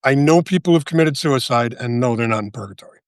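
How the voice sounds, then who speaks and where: Animated older man telling stories, swearing. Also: medium pitch, quick pace, dry recording, studio quality. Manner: animated, profane, asks "right?" often. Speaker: guest, author and veteran. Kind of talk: casual interview storytelling.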